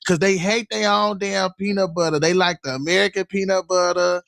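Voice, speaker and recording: A man's voice: sits high, fairly even intonation, a little fast, gravelly, a bit bright, no echo, clean studio sound. A man chatting casually on a livestream, telling loose, slangy stories with lots of fillers. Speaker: livestream host.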